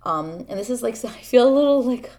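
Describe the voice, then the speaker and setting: A young woman hosting a podcast, talking candidly and haltingly about her own struggles, earnest and vulnerable, with many fillers and restarts. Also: a little high, animated, dark tone. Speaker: podcast host. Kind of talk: personal confessional talk.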